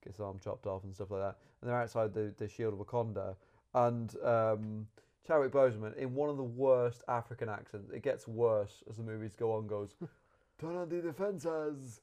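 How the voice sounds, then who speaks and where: A man reviews a film in loose, casual chat. He is animated and rambles, often stopping mid-sentence to rephrase. His voice is dark and mellow. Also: on the low side, moderate pace. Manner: rambling, animated, self-correcting.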